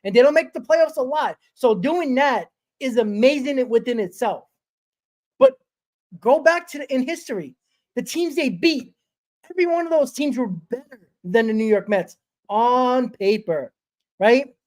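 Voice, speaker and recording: A man hosting a sports fan show from his small home studio, ranting fast and excitedly, swearing and repeating himself. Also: very high voice. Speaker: host. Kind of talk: excited postgame fan rant.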